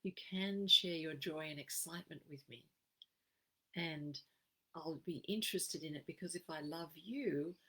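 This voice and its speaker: An Australian woman giving an expressive, emphatic live-streamed wellbeing talk as a program facilitator. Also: fairly low pitch, breathy edge, rough recording. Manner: expressive, emphatic, acts out quoted phrases.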